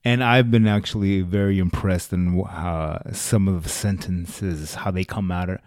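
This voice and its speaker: Young adult man, low voice, dry close mic; curious, laughing, asks lots of questions. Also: fairly even intonation, normal speed, a little mellow, dry recording. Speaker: conversation partner. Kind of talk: casual chat.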